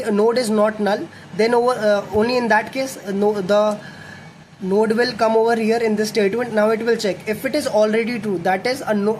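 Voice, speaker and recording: A young man teaches a coding lesson, thinking aloud and correcting himself as he writes code. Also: high voice. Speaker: coding tutor. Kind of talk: explaining code while writing. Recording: faint background noise.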